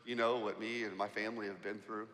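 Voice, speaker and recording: A man preaching a sermon as pastor, emphatic and animated, asking the congregation rhetorical questions. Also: on the low side, fast talker. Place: church sanctuary. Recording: church hall with long reverb.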